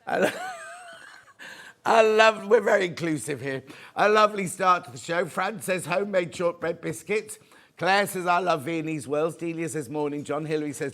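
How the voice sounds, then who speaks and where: A British-accented man hosts live TV sales on a shopping channel, chatting in a fairly high, fairly bright voice. He throws in camp asides and reads viewer comments aloud, sounding a bit out of breath.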